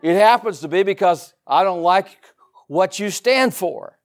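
Folksy Southern preacher with a lively voice. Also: male voice, sits high, unhurried. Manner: folksy, animated preaching with laughs and asides. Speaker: pastor. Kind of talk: sermon.

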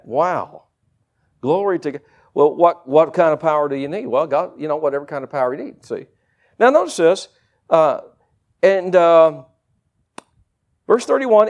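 A man preaching a sermon to a church congregation, animated and conversational, with folksy everyday asides. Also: on the high side, normal speed, long pauses.

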